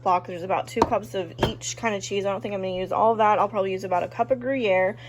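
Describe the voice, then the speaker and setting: A woman casually chatting through a home cooking vlog in her kitchen, relaxed and joking, with plenty of ums. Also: mid-range voice, fast talker, noisy background. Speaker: cooking vlogger.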